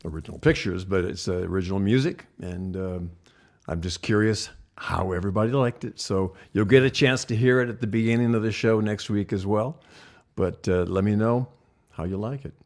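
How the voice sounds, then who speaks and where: Co-host, male, lower register, relaxed joke-teller who chuckles often. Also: vocal fry. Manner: laid-back, chuckling storyteller. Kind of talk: casual joke-telling chat.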